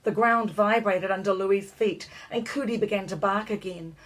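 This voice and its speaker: A woman reading a children's storybook aloud, her voice breathy and soft-edged. Her pitch sits mid-range. She reads in a measured, expressive way. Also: rough recording. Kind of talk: scripted storybook narration.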